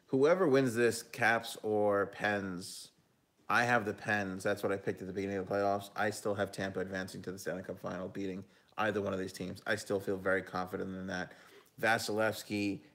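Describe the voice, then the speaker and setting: A man's voice: fairly low pitch, a bit bright. A man hosting a live hockey talk stream, chatting casually, giving his picks and reading viewer comments aloud. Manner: casual, chatty, with frequent ums and self-corrections. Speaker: hockey talk show host and analyst.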